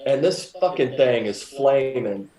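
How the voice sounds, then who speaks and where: A man's voice: mid-range voice, expressive, measured pace, crowd noise. A man co-hosting a casual podcast, wisecracking dryly and filling in details of a story. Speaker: podcast co-host. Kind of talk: casual chat. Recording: roomy echo.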